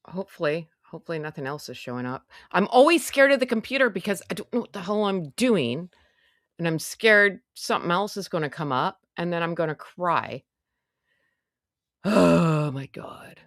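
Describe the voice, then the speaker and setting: A woman's voice: fairly low pitch, sing-song, fairly quick, fairly bright tone, no echo, studio quality. A woman hosting a casual livestream, chatty and self-mocking, muttering to herself as she goes. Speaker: livestream host.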